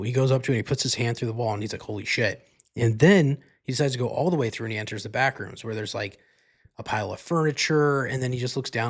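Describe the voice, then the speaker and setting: Casual profane man retelling a film. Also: medium pitch. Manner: loose and profane, many fillers, acts out lines in quotes. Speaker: podcast host. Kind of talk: casual solo podcast, retelling a movie plot.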